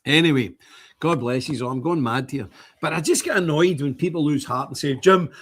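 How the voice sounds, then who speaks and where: A man's voice: a little high, fairly quick, breathy edge. An older man from Britain, hosting a stream with a fiery, preachy, defiant rant. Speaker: streamer host. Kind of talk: impassioned livestream rant.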